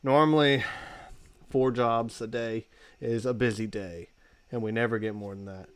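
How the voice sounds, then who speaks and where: A man's voice: medium pitch, fairly even intonation, normal speed, clean tone, dry recording. A man co-hosting a podcast, chatting casually and rambling through his day. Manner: laid-back, rambling. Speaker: podcast co-host. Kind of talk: casual chat.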